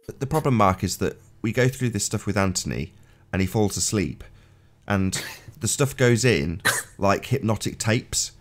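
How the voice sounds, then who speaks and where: Brief: very deep man, lively panelist, trips over words when keen. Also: moderate pace. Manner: animated, stammers when excited. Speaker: panelist on a live debate stream. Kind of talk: casual online chat.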